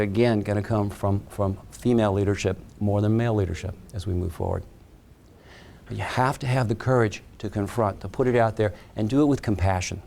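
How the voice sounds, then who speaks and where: A man's voice: medium pitch, warm tone. Man telling a story in a keynote speech. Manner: dramatic storyteller, short emphatic phrases. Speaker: keynote speaker.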